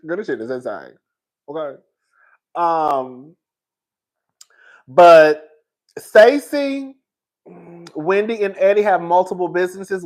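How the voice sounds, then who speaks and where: A young man giving sassy, dramatic reality TV commentary, swinging between loud outbursts and calm asides. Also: high-pitched. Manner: sassy, calls listeners girl. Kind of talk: casual reaction commentary.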